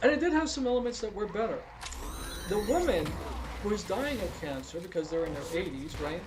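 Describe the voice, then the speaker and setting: A man's voice: high voice, lively intonation, brisk, background noise. A man giving a blunt, profane, repetitive review of a TV show during a casual live stream. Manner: blunt, emphatic, profane, repeats himself.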